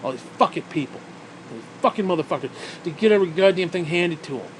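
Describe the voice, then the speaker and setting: A man's voice: fairly high pitch, lively intonation, fast talker, a little hiss or hum. A man delivering an angry, profanity-laden rant to camera, sarcastic and swearing constantly. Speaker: vlogger. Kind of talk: profane ranting monologue.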